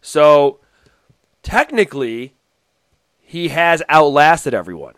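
A man's voice: on the high side, very animated, slow, smooth, no room sound. Laughing man co-hosting a chat show. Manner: laughing often, trailing off quietly. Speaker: podcast co-host. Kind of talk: casual chat.

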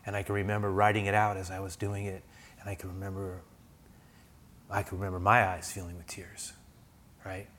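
A middle-aged man preaching a sermon as pastor, earnest, moving from hushed lines to loud pleading ones. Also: low-pitched, monotone, fairly quick, long pauses, a little hiss or hum.

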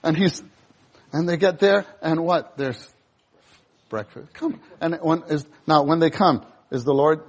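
A male preacher giving a sermon, animated, acting out scenes in voices. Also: on the high side, a little slow, breathy edge, dull audio.

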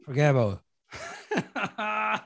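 A man's voice: high-pitched, very animated, slow, vocal fry, a bit bright, dry recording, clean studio sound. Sweary, teasing Irish man. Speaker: podcast host. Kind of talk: casual podcast chat.

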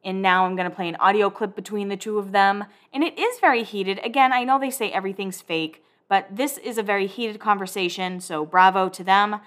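A woman's voice: mid-range voice, steady tone, a little fast, hardly any pauses, a bit bright. A woman talking through a show recap in a loose, casual way. She slips into the characters' lines as she retells each scene, with a sarcastic, blunt edge and the odd swear word. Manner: chatty and sarcastic, acts out quotes, swears. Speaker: recap podcast host.

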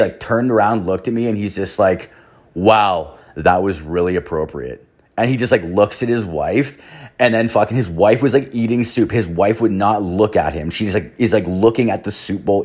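Young dude podcast host, kinda low voice, rambly, swears a ton. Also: male voice. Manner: rambling, profane, filler-heavy. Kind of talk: casual storytelling monologue.

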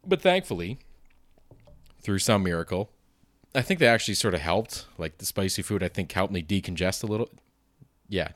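A man's voice: low voice, no room sound. A man with a sore throat, rambling casually through a self-deprecating monologue and swearing freely. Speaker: vlogger.

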